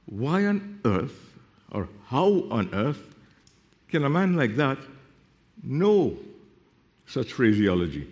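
A man preaching a sermon, explaining Bible verses and reading them aloud, with sudden drops to a hushed voice. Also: fairly high pitch, very animated, takes it slowly. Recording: long reverb of a hall.

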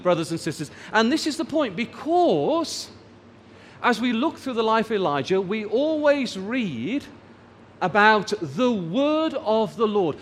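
A man's voice: high-pitched, big pitch swings, slow pace, long reverb tail, a little hiss or hum. A man preaching a sermon, rising and falling for emphasis and drawing out the key words. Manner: rises and falls for emphasis, draws out key words.

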